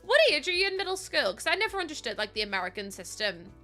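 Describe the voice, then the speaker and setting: A woman's voice: sits high, big pitch swings, quick pace, bright, forceful tone, faint music behind. A young woman with a Northern Irish accent, chatting casually to her live stream audience, laughing often and swearing now and then. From Northern Ireland.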